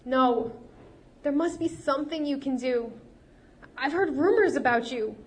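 A woman's voice: high-pitched, a little slow, voice pushed up. A woman voicing a wealthy, plump, graying man who pleads and sobs in desperation. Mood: pleading. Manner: pleading, sobbing outbursts.

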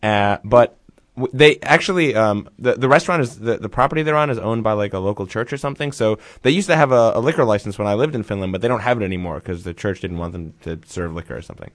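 A man with a fairly low voice talks quickly in a loose, casual podcast chat. He rambles and circles back on himself, restarting sentences as he goes. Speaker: podcast co-host.

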